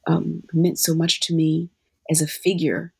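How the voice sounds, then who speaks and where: An author and guest answering interview questions in a thoughtful, halting way with many fillers. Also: mid-range voice, completely flat delivery, vocal fry, breathy edge.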